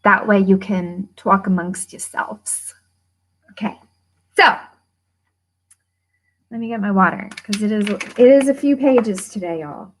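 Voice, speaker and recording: A woman hosting a casual livestream, chatting with viewers and reading a workbook aloud with lively emphasis, laughing and swearing freely. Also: medium pitch, a little slow, long pauses. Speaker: host of a money-mindset livestream.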